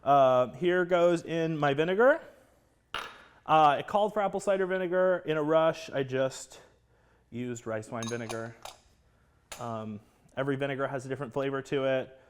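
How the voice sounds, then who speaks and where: A man hosting a live cooking class, chatty and excitable, greeting viewers by name. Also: medium pitch, moderate pace, pauses often, slight background noise.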